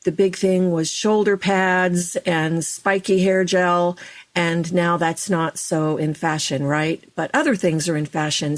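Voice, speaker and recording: A middle-aged woman speaks as a guest on a podcast. She explains things in a lively, chatty way. Her voice sits a little low. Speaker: speech and dialect coach.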